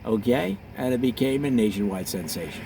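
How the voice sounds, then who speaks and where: A man hosting a mock tour in a parody travelogue, telling absurd tall tales in an animated storytelling manner. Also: medium pitch, a little fast, creaky, a little hiss or hum. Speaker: comedic tour host.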